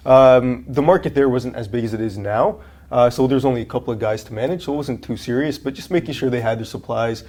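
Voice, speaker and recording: A man's voice: medium pitch, quick pace. A young man in his twenties, a guest on an interview podcast, telling a work story casually and acting out the people in it. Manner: animated storyteller, acts out quotes in a raised voice. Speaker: guest, franchise owner.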